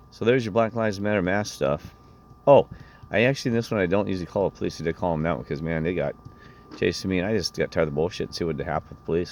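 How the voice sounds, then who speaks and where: Very low-voiced man telling an indignant story. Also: a little mellow, muffled recording, slight background noise. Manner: indignant, meandering storytelling with many restarts. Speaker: vlogger. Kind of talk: rambling personal anecdote.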